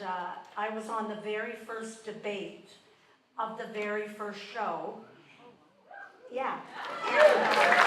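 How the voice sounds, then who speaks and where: Older Canadian comedienne, chatty live stand-up set; distant stage mic with audience noise behind. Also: female voice, mid-range voice. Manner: self-deprecating, conversational with the crowd. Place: theatre stage. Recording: roomy live venue mic, audience ambience.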